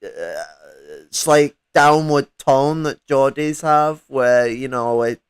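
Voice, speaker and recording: A man talks in loose, rambling casual chat, swearing and laughing as he goes. His voice sits at an ordinary pitch. The sound is dry and close to the mic. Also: slow pace, clean tone, no echo, rough recording. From English Midlands.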